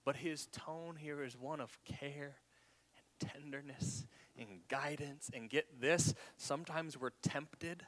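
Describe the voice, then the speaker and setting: Delivering his sermon, this pastor speaks on the high side with a somewhat bright tone. He keeps repeating words as he gropes for what to say next, now and then sinking into a dramatic whisper.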